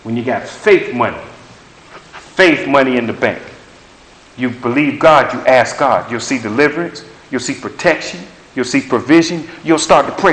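A man's voice: mid-range voice, moderate pace, fairly bright tone. A man preaching a sermon, emphatic and conversational, repeating phrases to drive points home. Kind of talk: sermon with prophetic words. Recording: echoey room.

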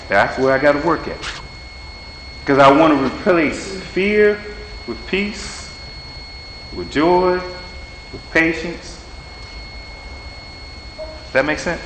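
A man preaches in a plain, folksy way, acting out short exchanges as he goes. His voice sits a little high. The sound is roomy, with a long echo from a church hall and a faint hum underneath. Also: expressive, takes it slowly, pauses often, a bit bright. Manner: folksy, plain-spoken, acts out dialogue. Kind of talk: informal sermon and closing prayer.

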